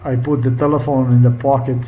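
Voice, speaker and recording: A man's voice: medium pitch, level tone, fairly quick, highs cut off. A man, an English speaker, talking upset and profane in a rambling vlog monologue. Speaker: vlogger. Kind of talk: agitated monologue.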